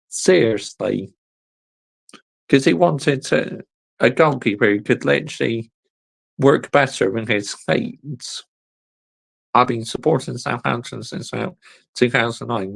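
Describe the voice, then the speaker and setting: Gravelly, slow-talking man ranting. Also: mid-range voice, rough recording. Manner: exasperated, blunt, repeats "honestly" and "mate". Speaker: livestream host reading live chat. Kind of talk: casual livestream rant.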